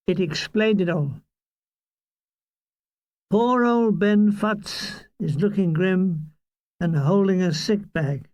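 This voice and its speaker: Older male author reading his memoir, deadpan and wry, unhurried, high-pitched voice. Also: dry recording. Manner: wry, deadpan comic delivery. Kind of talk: audiobook memoir narration.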